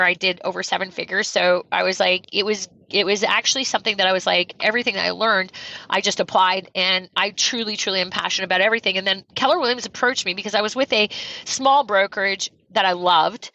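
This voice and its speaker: A woman from Canada, a real estate coach telling her story as a guest, animated and fast with acted-out quotes. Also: mid-range voice, highs cut off. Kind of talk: energetic storytelling interview.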